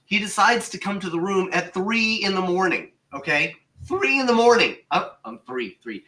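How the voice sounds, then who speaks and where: A man on a casual podcast, telling a funny story with lively acted-out quotes. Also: high voice, normal speed, recorded from a distance, rough recording. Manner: animated storyteller, acts out quotes. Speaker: paranormal show regular telling a story.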